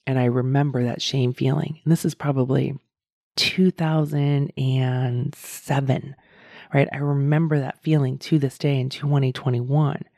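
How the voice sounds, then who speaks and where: Gravelly, mellow-voiced woman podcast host. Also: rumbling low, little pitch movement, measured pace, no room sound, clean studio sound. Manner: earnest, encouraging, speaks directly to listeners. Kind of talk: solo podcast monologue.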